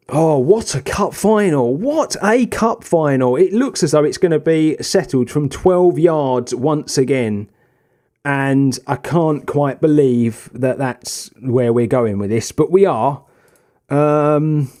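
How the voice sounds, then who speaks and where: A young man commentating on his own football management game, swinging from tactical muttering to excited shouts. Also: mid-range voice. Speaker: gaming video host. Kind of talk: casual gameplay commentary.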